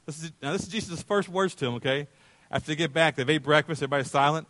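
A male pastor delivering a sermon, acting out voices in the story and moving from loud calls to hushed tender lines. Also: a little high, rapid-fire, dry recording. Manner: dramatic, acts out voices in the story.

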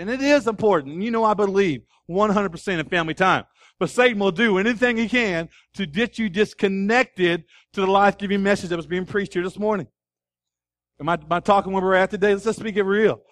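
High-voiced preaching pastor, dry sound. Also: male voice, a little fast, no room sound. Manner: animated preaching, asks the congregation questions. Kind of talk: sermon. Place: church.

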